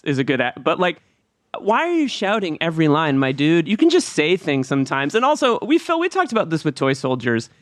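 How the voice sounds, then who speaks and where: A man co-hosting a movie podcast in casual, excitable chat, laughing often. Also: a little high, no room sound, clean studio sound. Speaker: podcast co-host.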